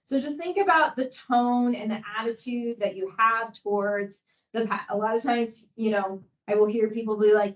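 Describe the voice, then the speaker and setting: A woman's voice: on the high side, fairly even intonation, normal speed, a bit bright, low-quality recording. Chatty woman leading staff training. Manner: casual, chatty, encouraging, with many fillers. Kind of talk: workplace training talk.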